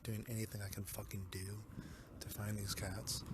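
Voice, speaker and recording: This is casual vlog narration from a young guy on a handheld phone as he wanders the city after dark, swearing, rambling, and leaning on "dude." He speaks on the low side with a level tone at a moderate pace, over a noisy background.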